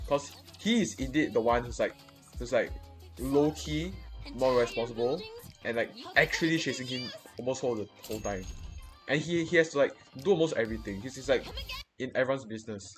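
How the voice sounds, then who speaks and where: A man's voice: medium pitch, animated, fairly quick, soft background music. A young man venting in casual chat, swearing freely and rambling through many restarts and repeated words.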